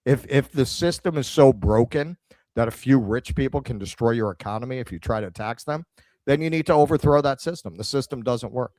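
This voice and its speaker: A middle-aged man with a New York accent, co-hosting a casual chat and telling a story with animated quoted dialogue. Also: mid-range voice, a little fast, no echo. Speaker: podcast co-host.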